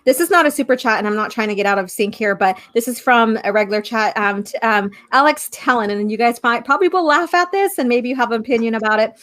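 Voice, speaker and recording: A woman's voice: on the high side, quick pace, hardly any pauses, fairly bright tone. A woman co-hosting a live-stream podcast over a video call, chatting and reading out viewer messages with gushing asides. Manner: chatty, gushing, with frequent fillers. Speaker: podcast co-host.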